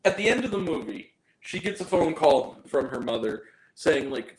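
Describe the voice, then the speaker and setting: A man's voice: on the high side, sing-song, moderate pace, hardly any pauses, roomy sound, poor audio. A man giving a casual spoken film review, ranting and swearing in exasperation. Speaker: movie reviewer.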